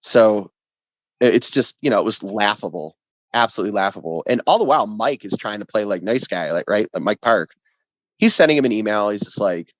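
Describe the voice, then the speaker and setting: A man's voice: lowish voice, fairly quick, no room sound. Man telling a story, lo-fi and dry. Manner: animated, profane storytelling. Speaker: ska band member, guest. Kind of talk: casual podcast interview. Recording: dull lo-fi sound, dry.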